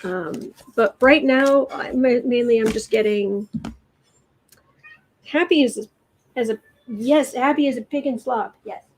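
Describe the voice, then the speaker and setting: A woman's voice: a little high, measured pace, pauses often, low-quality recording. A woman reading political tarot cards on a livestream, talking in a rambling, hesitant way, with frequent ums and restarts, and addressing viewers directly. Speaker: tarot reader.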